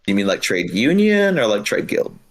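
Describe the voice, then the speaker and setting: A man with a very deep, lively voice takes part in a tabletop game session. He asks question after question and stumbles, repeating his words as he goes. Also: normal speed, rough recording. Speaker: player. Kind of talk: casual tabletop game chat.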